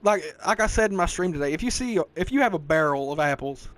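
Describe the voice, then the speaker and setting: A man's voice: sits high, lively intonation, fast, a bit bright, dry recording. A man in his twenties with a Southern US accent, chatting loosely and profanely as a podcast host, peppering his talk with "bro" and "dog.". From American South. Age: 20s. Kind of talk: casual chat.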